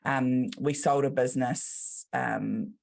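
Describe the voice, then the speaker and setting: A woman's voice: rumbling low, steady tone, takes it slowly, creaky, darkish tone. A middle-aged woman with a New Zealand accent, a business coach guest who tells her story casually and acts out the quotes in it.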